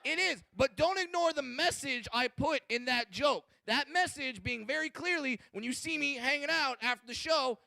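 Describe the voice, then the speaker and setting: A man in his twenties doing a loud, brash, profane stand-up routine on a comedy stage. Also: very high-pitched, moderate pace, creaky, hardly any pauses, no echo. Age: 20s.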